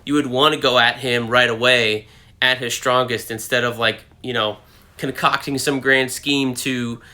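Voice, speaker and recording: A man's voice: mid-range voice, fairly even intonation, normal speed, pushed and bright. A man hosting his own comic book video channel, giving casual, rambling commentary full of fillers and self-corrections.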